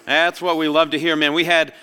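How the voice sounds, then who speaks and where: A young man preaching a sermon as pastor, telling stories with lively energy and acting out childhood voices. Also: a little high, a little fast, clear, resonant tone. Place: large church hall. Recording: long hall reverb.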